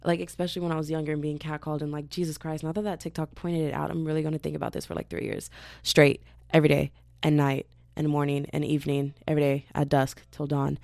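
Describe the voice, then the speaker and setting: Fry-voiced young woman ranting casually. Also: fast talker, no room sound. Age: 20s. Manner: animated, rambling, jumps into high-pitched quoted voices. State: tired but wired on coffee. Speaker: podcast host.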